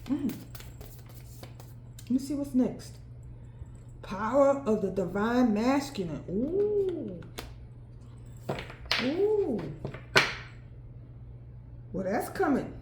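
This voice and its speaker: A woman with a high voice reads tarot cards at an unhurried pace, musing aloud as she goes. She often bursts into exclamations and laughs. Her voice echoes in a roomy space, with faint ambience behind it. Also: very animated, background noise. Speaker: tarot reader. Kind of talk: solo tarot card reading.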